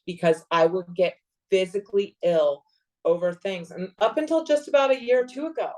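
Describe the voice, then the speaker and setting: A woman in her forties chatting as a podcast guest, rambling and animated, with sudden excited bursts. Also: mid-range voice, normal speed, poor audio. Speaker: podcast guest, actor and producer. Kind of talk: casual interview chat.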